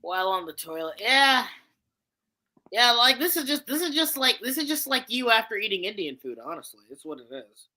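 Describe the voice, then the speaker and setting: Brief: high-pitched woman, very animated delivery, bright tone, casual crude reaction banter. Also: normal speed. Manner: swears freely, laughs often, repeats words. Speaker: co-host reacting to videos.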